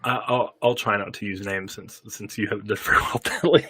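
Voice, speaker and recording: A man's voice: on the low side, steady tone, moderate pace, crowd noise. A man hosting a casual chat, telling stories animatedly and laughing often. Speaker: host.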